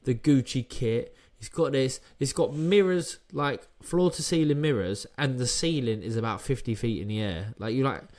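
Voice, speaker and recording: Podcast co-host, man, mid-pitched, animated storyteller who laughs and swears through anecdotes. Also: moderate pace, hardly any pauses. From England. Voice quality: animated, laughs while telling stories, swears freely. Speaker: podcast co-host, former boxer. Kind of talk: casual storytelling chat.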